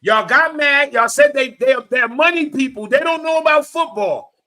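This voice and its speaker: Brash American panelist, high bright voice, mocking and profane. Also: male voice, moderate pace. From United States. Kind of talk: casual chat.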